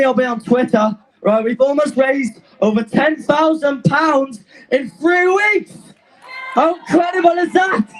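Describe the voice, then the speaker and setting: A young man, a student activist, giving an impassioned, defiant speech to an outdoor rally, shouting and out of breath. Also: very high voice, low-quality recording. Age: young adult.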